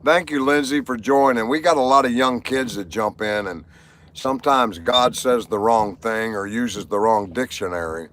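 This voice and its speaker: A man's voice: medium pitch, normal speed, fairly bright tone, slight background noise. A man hosting a casual livestream, telling rambling stories and jokes to viewers and laughing at his own punchlines. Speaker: livestream host.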